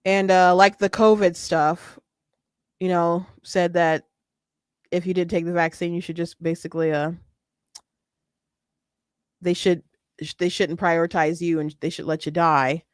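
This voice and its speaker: A woman hosting her own show, giving casual political commentary in a chatty, animated way with frequent restarts. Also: fairly low pitch, a little slow, long pauses, clean tone, dry recording, studio quality.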